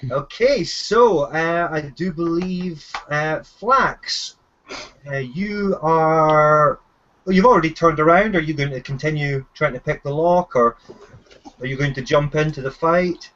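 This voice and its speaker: A man's voice: fairly high pitch, measured pace, a bit bright, lo-fi sound. A man running a tabletop game as game master, narrating hesitantly with many fillers and restarts.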